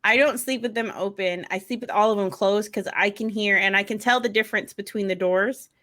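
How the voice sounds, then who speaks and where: Laughing, foul-mouthed mom in casual chat. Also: female voice, medium pitch, fairly quick, bright, forceful tone. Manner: laughs often, blunt and swears casually. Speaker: podcast co-host, mother.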